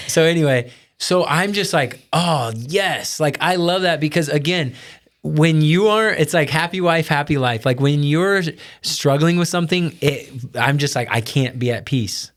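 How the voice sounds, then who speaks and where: A man's voice: on the high side, measured pace, a bit bright. A man co-hosting a casual chat, earnestly retelling a family story and quoting his own thoughts. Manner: earnest, retelling with quoted self-talk. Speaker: podcast co-host.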